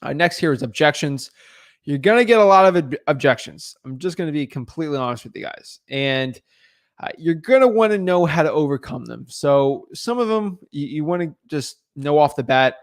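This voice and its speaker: A young man teaching in a casual livestream, talking fast with lots of fillers and calling his viewers guys. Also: fairly high pitch, animated. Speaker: real estate coach.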